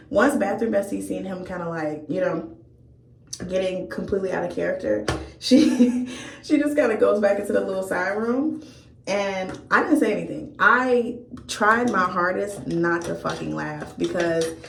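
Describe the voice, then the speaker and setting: Woman, young, vocal fry, casual storytime, blunt and laughing, roomy echo. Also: medium pitch, slight background noise. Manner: candid, profane, amused. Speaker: vlogger. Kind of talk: storytime chat. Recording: echoey room.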